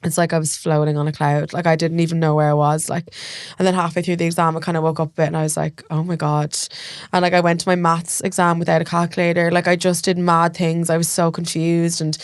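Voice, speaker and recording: A woman's voice: fairly low pitch, flat delivery, clear, resonant tone, dry recording, clean studio sound. An Irish woman telling a personal story as a podcast guest, chatty and full of "like". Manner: rapid, chatty, peppered with "like". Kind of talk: casual storytelling interview.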